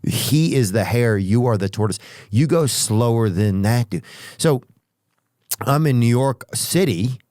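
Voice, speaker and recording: A man hosting a podcast, telling rambling comic stories with profanity and drawn-out asides. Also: medium pitch, animated, a little mellow, no room sound, clean studio sound. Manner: profane, drawn-out asides, sudden character voices. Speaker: podcast host.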